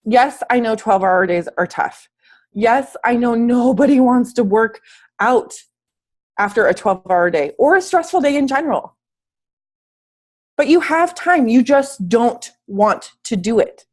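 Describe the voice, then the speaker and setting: A woman's voice: fairly high pitch, animated, a little slow. A sick, slightly wheezy woman giving an upbeat, emphatic motivational talk as a fitness coach on a team call from home, speaking in casual slang. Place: at home, in bed.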